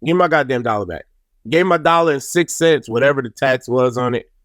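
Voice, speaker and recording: A young man hosting a podcast, telling a comic story with animated, exasperated outbursts and casual profanity. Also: mid-range voice, a little fast, dry recording, clean studio sound. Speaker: podcast host.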